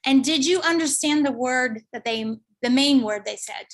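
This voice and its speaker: A woman giving an online lecture, explaining slowly and thinking aloud with fillers. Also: high-pitched.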